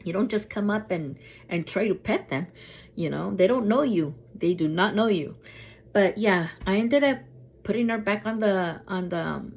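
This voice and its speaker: A woman vlogger telling a travel story in a casual way, acting out what people said with a high, lively voice. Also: normal speed. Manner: animated, acts out quotes in a high voice.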